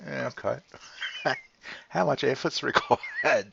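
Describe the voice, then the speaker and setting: A man's voice: medium pitch, huge pitch swings, unhurried, creaky, fairly bright tone, breathy edge, dry recording. A man with an Australian accent talking in a rambling, casual way, laughing often and swearing freely. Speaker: vlog host. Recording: dull lo-fi recording.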